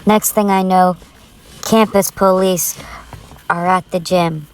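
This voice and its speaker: Slow, low-voiced woman telling a scary story. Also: fairly even intonation. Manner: tense, urgent retelling. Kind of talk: dramatic first-person story reading.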